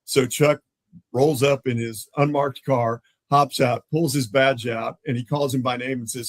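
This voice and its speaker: A man tells police stories in a casual interview. He lively jumps into the voices of the people in each anecdote. His voice sits in a middle register and sounds close and dry, with no room around it. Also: medium pitch, a little slow, dry recording, low-quality recording. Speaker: police lieutenant guest. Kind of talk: casual storytelling in a podcast interview.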